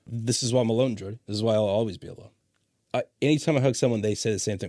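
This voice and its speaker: A man's voice: lowish voice, very fast, mellow, no room sound, clean studio sound. A man hosting a podcast, chatting casually, swearing freely and telling stories with laughter. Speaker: podcast host. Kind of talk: casual chat.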